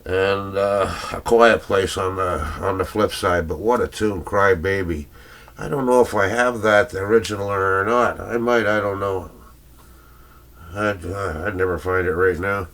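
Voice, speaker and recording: A man's voice: low-pitched, fairly even intonation, unhurried, a bit bright. An older man casually rambling through his record collection, chuckling and searching aloud for names he can't recall.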